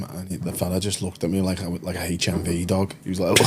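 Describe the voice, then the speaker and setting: A man chats on a podcast, his voice very low and husky. He drops dry, wisecracking remarks in an easy, conversational way. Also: completely flat delivery, quick pace. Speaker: podcast co-host. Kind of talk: casual chat.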